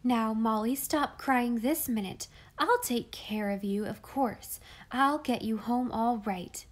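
A woman's voice: fairly high pitch, slow pace, a little mellow. A woman reading a storybook voices a scared but brave ten-year-old girl who tries to sound stout and reassuring. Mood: anxious reassuring.

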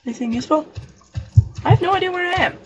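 A man's voice: extremely high pitch, lively intonation, quick pace, a bit bright, distant mic, a little hiss or hum, rough recording. A young man giving casual, rambling game commentary, joking and talking to the characters on screen. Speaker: let's play gamer.

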